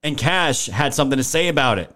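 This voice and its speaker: A man's voice: mid-range voice, animated, fast, sharp tone. A young man hosting a political livestream, talking indignantly and emphatically, swearing and thanking viewers by name from the chat. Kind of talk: livestream commentary reading chat.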